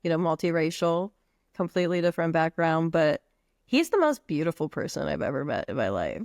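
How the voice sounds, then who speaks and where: A woman's voice: low voice, big pitch swings, fairly quick, a little mellow, no echo, clean studio sound. A woman from the U.S. Virgin Islands, a podcast guest telling a personal story in a candid, casual and slangy way.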